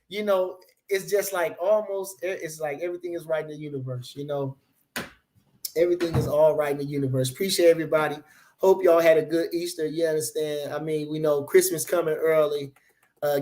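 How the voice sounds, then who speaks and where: A man's voice: fairly high pitch, a little mellow. Rambling, profane man hyping a fight. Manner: rambling and repetitive, profane hype talk. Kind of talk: casual livestream chat reading comments.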